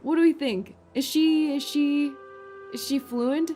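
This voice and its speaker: A playful woman streamer talking through a game. Her voice is high and unhurried, and she reads the story text aloud between giggly chatter with her viewers. Soft game music plays faintly underneath. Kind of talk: game playthrough commentary.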